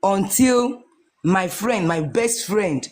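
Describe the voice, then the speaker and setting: A woman's voice: mid-range voice, lively intonation, takes it slowly, a little mellow. A Nigerian woman in her forties giving an emotional personal testimony, earnest and repeating her phrases as she goes. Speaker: guest sharing a testimony.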